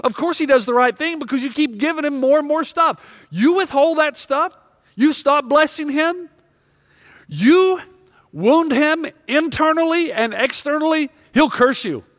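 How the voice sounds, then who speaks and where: A man doing a sneering accusing devil, high voice, long echo. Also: lively intonation, measured pace, a bit bright, full character voice. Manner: taunting, accusatory. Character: scornful accusing male devil.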